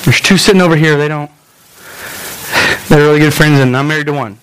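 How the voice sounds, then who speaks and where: A man's voice: fairly high pitch, fairly quick, fairly bright tone, slight background noise, rough recording. A man in his thirties preaching a sermon to a live congregation, speaking in an earnest, personal and emotional way and repeating phrases for emphasis.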